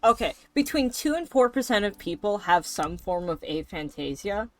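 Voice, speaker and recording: A woman's voice: medium pitch, big pitch swings, moderate pace. A woman streamer chatting casually and rambling while she draws, swearing now and then. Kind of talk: casual chat while drawing. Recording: faint background music.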